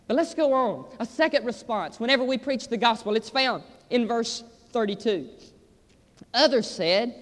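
A man's voice: very high-pitched, expressive, moderate pace, a bit bright. A man preaching a sermon with emphatic, repetitive exhortations. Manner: emphatic, repeats "I'm telling you". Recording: reverberant hall.

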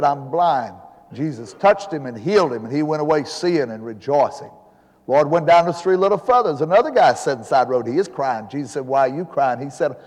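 A man's voice: mid-range voice, darkish tone. A man in his seventies, an evangelist preaching a sermon in a church, telling folksy jokes before building to fervent preaching. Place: church sanctuary. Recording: long hall reverb.

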